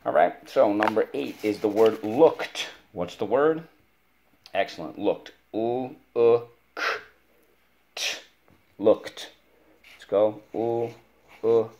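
A man's voice: fairly low pitch, lively intonation, takes it slowly, creaky, a little mellow, lo-fi sound. A man teaching a spelling lesson to a child, patiently spelling words out letter by letter and giving encouragement.

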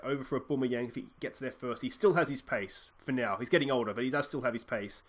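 A young Australian man casually commentating his own football management game, thinking aloud and breaking into excited shouts at goals. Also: mid-range voice, quick pace. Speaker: let's play host.

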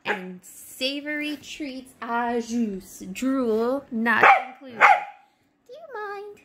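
High, lively woman chatting to her dog. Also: very noisy. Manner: playful, laughing, scolding an excited dog between reading labels. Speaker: vlogger unboxing a dog toy box. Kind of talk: casual unboxing chat. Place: home with a dog.

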